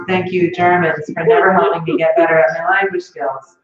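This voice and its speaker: Colombian woman doing stand-up, echoey and distant. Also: fairly low pitch. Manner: animated, laughing at her own jokes, drawn-out emphasis. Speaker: stand-up comedian opening an open mic. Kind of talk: stand-up comedy set. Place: stage at a comedy club. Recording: echoey distant room sound, dull lo-fi.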